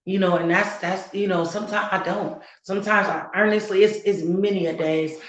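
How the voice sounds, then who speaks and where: A woman's voice: medium pitch, fairly even intonation, lo-fi sound. Earnest woman in an echoey room. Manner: earnest, emotional, halting. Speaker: live-stream content creator. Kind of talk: heartfelt live-stream talk.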